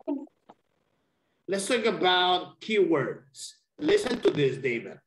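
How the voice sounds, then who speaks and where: A man's voice: high-pitched, huge pitch swings, takes it slowly. A man teaching an English lesson over a video call, speaking patiently and repeating key words. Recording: roomy echo.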